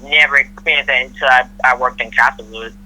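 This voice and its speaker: A woman's voice: rumbling low, fairly even intonation, a little fast, pushed and bright, low-quality recording. A middle-aged woman from Florida telling a work story in casual chat, acting out the people she quotes. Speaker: podcast guest, mother of host.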